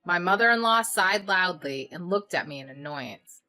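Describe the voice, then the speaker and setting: A woman narrating a story in the first person with steady recounting. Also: lowish voice, normal speed, soft background music.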